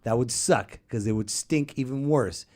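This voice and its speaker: A man hosting a podcast, telling a comic story as an exasperated rant that breaks into yelling, close to a studio microphone. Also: mid-range voice, moderate pace. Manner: exasperated, animated, bursts into yelling. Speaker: podcast host.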